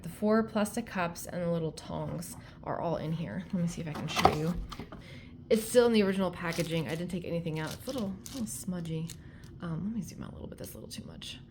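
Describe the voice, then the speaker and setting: A woman's voice: lowish voice, noisy background. Chatty woman rambling through a thrift haul. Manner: chatty, rambling, frequent ums and likes. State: out of breath. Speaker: vlogger showing a thrift haul. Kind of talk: casual chat to camera. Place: at home. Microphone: phone held in hand.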